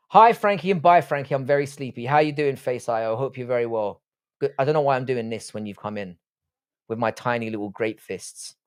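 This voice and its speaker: A man hosting a live stream, casually reading out chat and trading profane mock insults with viewers. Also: medium pitch. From England.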